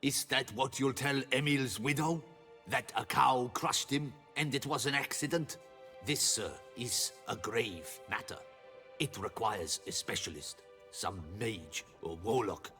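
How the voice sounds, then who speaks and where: Game role: reproachful quarry hand, crisp, bright tone and stern manner. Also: male voice, medium pitch, a little slow, faint music behind. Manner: stern, accusing. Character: grim, reproachful male quarry worker. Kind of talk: video game dialogue.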